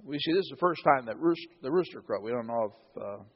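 A man's voice: mid-range voice, expressive, brisk, slightly rough, lo-fi sound. A man preaching a sermon as a pastor, telling the story dramatically and acting out the quotes.

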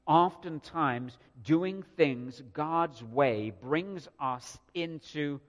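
A man's voice: on the high side, extremely slow, lo-fi sound. A man preaching a sermon, earnest and prone to repeating words as he builds a point. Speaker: pastor. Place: church sanctuary. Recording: long reverb of a church hall.

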